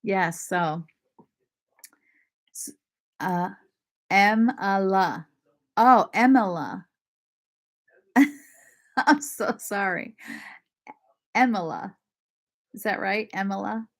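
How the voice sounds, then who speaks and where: A woman from Maine hosting a casual livestream, chatting warmly with viewers, often apologizing and laughing as she reads their comments. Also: mid-range voice, lively intonation, drawn-out words, long pauses. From Maine, USA. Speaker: lifestyle channel host.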